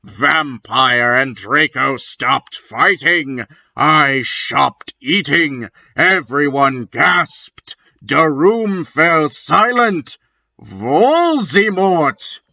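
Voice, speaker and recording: A man giving a comedic dramatic reading in dry, deadpan narration, on a dull lo-fi recording. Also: mid-range voice, drawn-out words, creaky. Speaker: reader.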